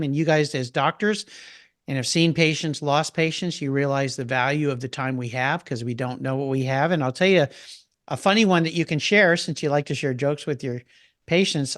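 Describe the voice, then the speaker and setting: Enthusiastic older man, fairly high voice. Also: fairly bright tone, no echo, studio quality. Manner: enthusiastic, storytelling. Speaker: podcast guest. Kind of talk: casual interview chat.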